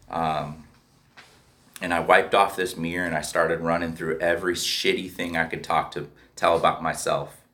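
A man's voice: deep voice, sharp tone. A man telling his recovery story in a candid, profane way, often checking in with "right?". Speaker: speaker sharing a recovery story. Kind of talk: personal storytelling.

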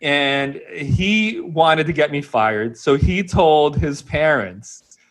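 A man's voice: a little high, expressive, takes it slowly. A man co-hosting a casual podcast, telling a rambling, self-mocking story and chuckling as he goes. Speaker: podcast co-host.

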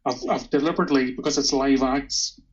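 A man's voice: medium pitch, fairly even intonation, fairly quick, a little hiss or hum. A man from Edinburgh, chatting hesitantly on a podcast with many fillers. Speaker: podcast co-host. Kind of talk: casual podcast chat. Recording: slightly dull sound.

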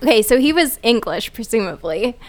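A woman's voice: fairly high pitch, big pitch swings, fairly quick, a little mellow. A woman co-hosting a podcast, telling a story in a rambling casual way with lots of fillers. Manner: rambling storytelling, heavy use of "like". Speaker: podcast co-host. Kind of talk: casual chat.

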